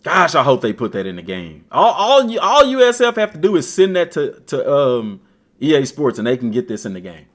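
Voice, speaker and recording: A male gaming streamer gives casual, slangy, animated commentary while playing, talking directly to his team. His voice is on the high side at a moderate pace.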